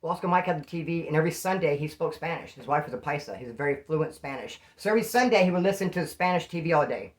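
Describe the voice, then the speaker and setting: A man from Bakersfield, California, telling a prison story in casual, animated street slang. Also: on the high side, fast, few pauses.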